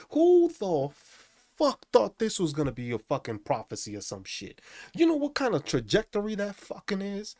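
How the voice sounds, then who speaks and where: Profane, animated male live stream host. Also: high voice, no echo, clean studio sound. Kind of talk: casual live stream rant.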